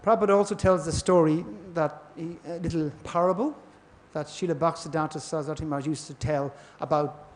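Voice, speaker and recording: High-voiced man giving a scripture class. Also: steady tone, fast talker, darkish tone. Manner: storytelling, acts out voices in parables. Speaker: class speaker. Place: temple hall.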